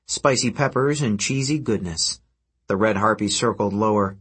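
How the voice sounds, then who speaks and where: A man narrating a fantasy adventure story in a steady, even storytelling manner. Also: fairly low pitch, normal speed, breathy edge. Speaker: audiobook narrator. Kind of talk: scripted narration.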